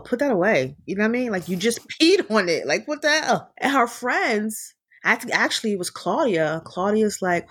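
A woman's voice: lowish voice, breathy edge. A woman recapping a film in casual chat, chatty and full of "you know what I mean".

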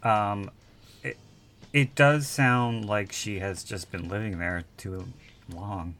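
Guy on a movie podcast, low voice, really slow and draggy, lots of ums, crude jokes. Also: steady tone, a bit bright. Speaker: podcast co-host. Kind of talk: casual film chat.

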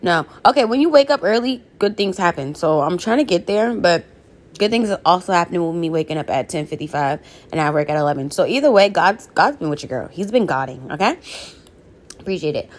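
A woman's voice: lowish voice, expressive, brisk. A young woman hosting a podcast, giving a blunt, profane, chatty motivational monologue straight to her listeners. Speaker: podcast host.

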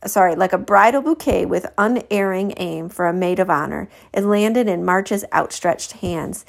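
A woman teacher reading a children's novel aloud to a class, expressive and stopping to correct her slips. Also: medium pitch, normal speed, vocal fry.

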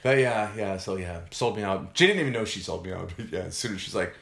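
A man's voice: sits low, fast, gravelly. A man casually telling a funny story on a podcast, laughing often and acting out what people said. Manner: animated, laughs often, acts out quotes. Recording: echoey room.

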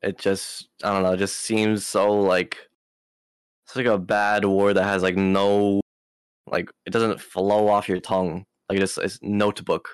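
A man's voice: deep voice, level tone, a little slow, clear, resonant tone, no echo. A young man answering interview questions casually, rambling with lots of fillers and easy slang. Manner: rambling, filler-heavy, laid-back slang. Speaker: interview guest.

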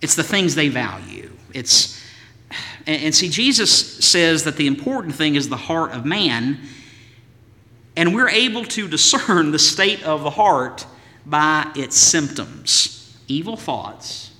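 A man's voice: fairly high pitch, big pitch swings, slow pace, sharp tone, long reverb tail. A man preaching a sermon as pastor, in an emphatic voice with rhythmic lists and rhetorical questions.

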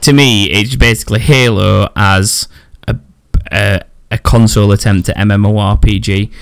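A man's voice: on the low side, fairly even intonation, normal speed, gravelly, clean tone, no echo, studio quality. A man hosting a podcast in casual chat, rambling and often correcting himself. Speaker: podcast host.

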